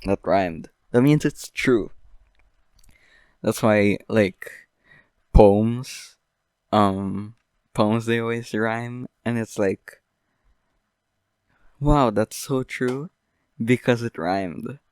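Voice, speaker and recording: A young man hosting a podcast, rambling through an absurd deadpan comedic monologue full of fillers. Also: lowish voice, very slow, pauses often, clear, resonant tone, no room sound. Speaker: podcast host.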